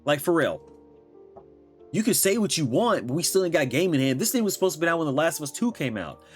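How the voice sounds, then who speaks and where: A man's voice: fairly high pitch, very animated, fast, soft background music. A young man ranting heatedly about games, swearing and talking in slang. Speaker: gaming commentator. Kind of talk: angry reaction rant.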